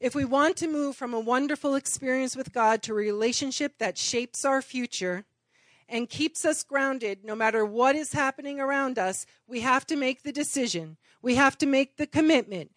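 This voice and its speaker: A woman's voice: high voice, normal speed, no echo. Earnest woman preaching a sermon. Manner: earnest, builds to emphatic repetition. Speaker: church speaker.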